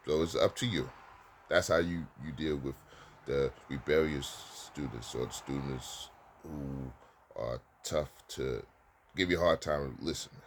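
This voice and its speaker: Very deep-voiced man giving teaching advice. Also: a little slow, a little hiss or hum. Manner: plain-spoken, repeats himself, stern quoted commands. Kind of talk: casual spoken advice.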